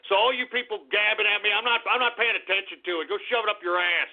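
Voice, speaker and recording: A man's voice: high voice, steady tone, quick pace. A man hosting a talk radio show, ranting angrily, swearing and repeating himself. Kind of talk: live talk radio rant. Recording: tinny phone-like lo-fi radio recording.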